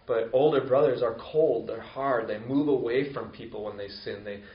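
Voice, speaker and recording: Man preaching in an echoey room. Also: normal speed. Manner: conversational, acts out quoted voices with rising pitch. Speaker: pastor. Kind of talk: sermon. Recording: roomy, distant, dull lo-fi sound.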